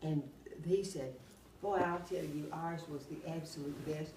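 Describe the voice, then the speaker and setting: A woman's voice: deep voice, measured pace. Older woman telling rambling stories. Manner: rambling, animated, often laughing while telling anecdotes. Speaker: oral history interviewee. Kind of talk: casual storytelling. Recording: roomy, distant mic, faint background hum.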